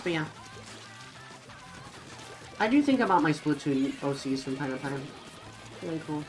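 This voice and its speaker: A woman's voice: deep voice, unhurried, soft background music, low-quality recording. A young woman streaming a game and chatting casually with viewers in a rambling style, full of fillers. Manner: rambling, filler-heavy, lively.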